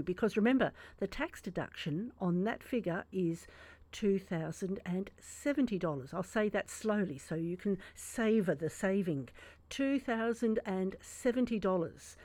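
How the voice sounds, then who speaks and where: A woman's voice: mid-range voice, mellow, dry recording. Wry woman radio presenter. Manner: playful, chatty, wry humour. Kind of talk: on-air fundraising appeal. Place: radio studio. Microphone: studio microphone.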